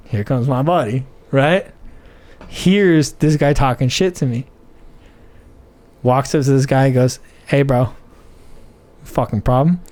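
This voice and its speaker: A man, co-hosting a podcast and telling a story in an animated, profane way, full of "like" and "right?". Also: fairly high pitch, clean tone. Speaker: podcast co-host. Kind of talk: casual storytelling chat.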